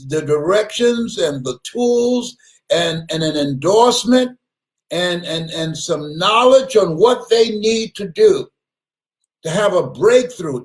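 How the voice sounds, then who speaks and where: A man giving an animated motivational speech, often laughing, repeating words and bursting into shouts. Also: sits high. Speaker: motivational speaker.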